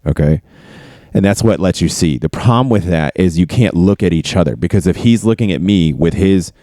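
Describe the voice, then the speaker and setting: A man casually telling stories from his army career, cursing freely and getting animated. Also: low-pitched, no echo, studio quality. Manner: profane, animated storytelling. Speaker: podcast host. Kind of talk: casual storytelling chat.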